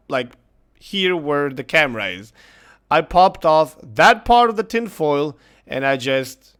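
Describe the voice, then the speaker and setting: A man's voice: high voice, fairly bright tone. A man hosting a gaming channel, telling a funny home story in a chatty way and laughing often as he goes. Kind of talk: casual vlog storytelling.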